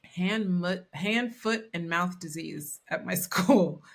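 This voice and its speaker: A woman teacher co-hosting a podcast in casual chat, animated and quick to act out children's voices. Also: fairly low pitch, vocal fry, a little hiss or hum.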